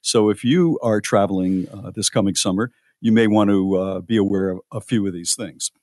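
A man's voice: fairly low pitch, moderate pace, a little mellow, no room sound, clean studio sound. A man co-hosting a radio show, chatting casually and reading out listener posts with his own asides. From United States.

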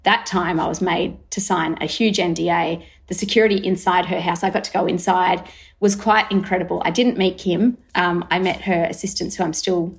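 An Australian woman, a brand founder, telling a long story in an interview, acting out her thoughts with lively quoted asides. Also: fairly low pitch, moderate pace, vocal fry. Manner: lively, acts out her own thoughts in quotes, many fillers. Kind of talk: animated storytelling in conversation.

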